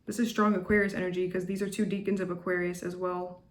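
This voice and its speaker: A woman gives a casual tarot reading to camera, her fairly low voice level in tone and quick in pace. She's chatty and repetitive, blunt and judgmental, constantly restarting and filling gaps with "like."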